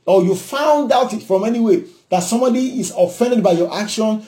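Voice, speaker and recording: A Nigerian-accented man preaches in a high, mellow voice. He is emphatic, hammers his points with repetition and drops in frequent hallelujahs. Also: brisk, few pauses. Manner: emphatic, repeats himself, punctuates with hallelujah. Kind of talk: sermon.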